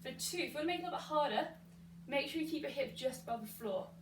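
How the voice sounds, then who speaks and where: A young woman leads a mat pilates session, calling out each rep and encouraging the listener as she works through it herself. Her voice sits a bit high, caught from a few meters off in a room with noticeable echo and a faint hiss. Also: expressive, very fast, far from the mic. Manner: encouraging, counts reps aloud. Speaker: pilates instructor. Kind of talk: guided workout instruction.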